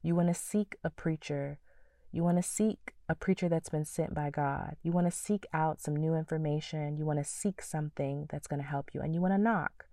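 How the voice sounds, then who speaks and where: A woman hosting a faith-based podcast, teaching in an earnest, preacherly way and dropping into soft whispers for her prayers. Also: sits low, moderate pace, no room sound, clean studio sound, distant mic. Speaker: podcast host.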